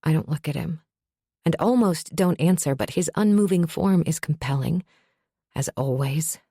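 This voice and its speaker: A woman's voice: low voice, lively intonation, normal speed, mellow, breathy edge, no room sound, studio quality. A woman narrating a fantasy audiobook in first person, with a wry, sardonic edge.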